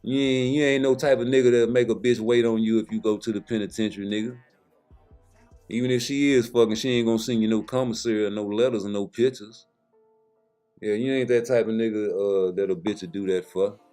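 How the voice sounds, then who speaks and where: A man's voice: lowish voice, fairly even intonation, a little fast, dark tone, soft background music. A man giving a casual vlog monologue in blunt, profane street talk. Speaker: vlogger.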